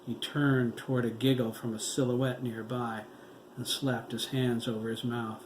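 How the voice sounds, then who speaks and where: A man reading his own horror novel aloud in a slow, dramatic storytelling manner. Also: medium pitch, level tone. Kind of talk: audiobook narration. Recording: echoey room with faint background noise.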